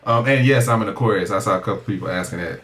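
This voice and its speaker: A man co-hosting a podcast in relaxed casual chat, laid-back and quick to laugh. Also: on the low side. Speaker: podcast co-host.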